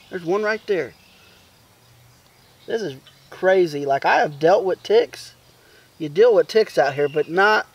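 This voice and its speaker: A man, chatting casually to camera at a woodland campsite in a relaxed, rambling way. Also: fairly high pitch. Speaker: bushcraft vlogger. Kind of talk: casual campfire chat to camera. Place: outdoors in the woods at a campsite. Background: crickets and insects.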